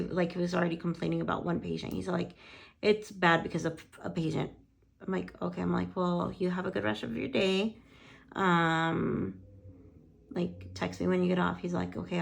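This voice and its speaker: A woman's voice: on the low side, vocal fry. A woman lash artist telling a story in casual chat, swearing freely and quoting conversations with "I'm like".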